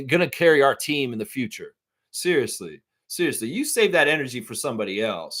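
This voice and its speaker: A man hosting a live fan stream, reading chat and ranting with heavy swearing. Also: mid-range voice. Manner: fired-up, profane ranting that swings loud. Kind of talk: casual fan reaction stream.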